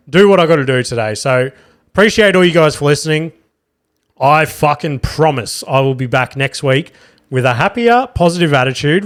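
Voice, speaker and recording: A man, a podcast host and comic, signing off in a loose, sweary, rambling way, flat and low on energy. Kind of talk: casual podcast sign-off.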